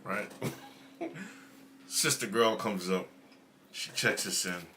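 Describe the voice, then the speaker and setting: A man's voice: lowish voice, slow, background noise. A man hosting a casual livestream, telling stories with bursts of laughter and snacking while he talks. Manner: animated storytelling with laughs; snacking and chewing while talking. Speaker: show host.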